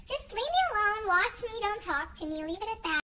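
A woman's voice: very high-pitched, sing-song, fairly quick, sharp tone, low-quality recording. A young woman ranting bluntly and emphatically into her phone camera for a social media story. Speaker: vlogger.

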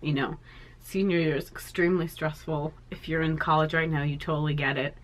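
A woman's voice: low voice, fairly even intonation, fairly quick. A woman in her thirties chatting to camera as an art vlogger, talking in a chatty, sentimental way with plenty of fillers. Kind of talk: casual chat to camera.

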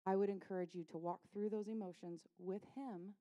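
Her medium-pitched, dark voice stays steady and brisk, though the audio sounds dull. She's a woman pastor in a church sanctuary, preaching with conversational passion, voicing people and Jesus, and sinking to near-whispers when things turn tender.

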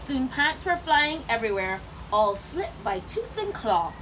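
A woman reading picture books aloud to children, with expressive, animated storytelling. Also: high voice, a little slow, a little hiss or hum, low-quality recording.

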